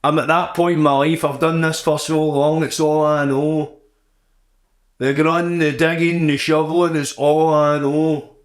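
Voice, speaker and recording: Weary Glaswegian ground worker, crude self-pitying rant, as a man puts him on; slightly high voice. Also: little pitch movement, measured pace, roomy sound, lightly acted. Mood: weary grumbling. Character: weary, grumbling male ground worker on a wet Monday.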